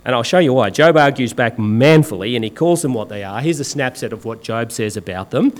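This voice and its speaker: A man's voice: mid-range voice, animated, fairly quick. A man preaching a sermon in an emphatic, sarcastic and colloquial way.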